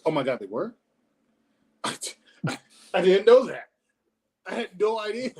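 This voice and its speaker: A man with a slightly high voice trades sarcastic jokes in a relaxed chat. He laughs at his own jokes and keeps a teasing edge. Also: a little slow, breathy edge. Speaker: podcast co-host reviewing wrestling. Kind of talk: casual review chat.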